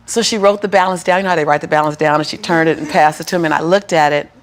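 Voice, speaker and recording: A middle-aged woman telling her life story as a guest in an interview, animated and building to preacherly peaks. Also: deep voice, rapid-fire, a little hiss or hum. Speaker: motivational speaker, guest.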